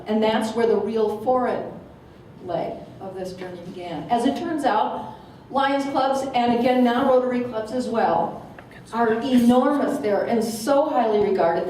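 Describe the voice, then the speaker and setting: A woman in her forties from Minnesota with an American accent. She gives a lively, humorous storytelling speech as a guest speaker and acts out the quotes. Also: medium pitch, slight background noise. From Minnesota, USA. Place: meeting hall. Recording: echoey hall, distant mic.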